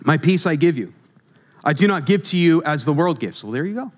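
A man's voice: on the high side, lively intonation, brisk. A man preaching a sermon, conversational and humorous, asking his congregation questions as he goes.

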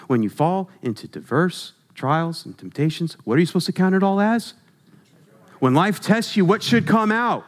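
Lively high-voiced preacher. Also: male voice. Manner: lively, conversational preaching with humor and questions to the congregation. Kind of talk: sermon.

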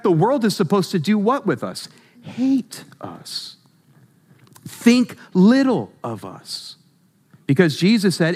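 A man preaching a sermon, conversational and humorous, asking his congregation questions as he goes. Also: fairly high pitch.

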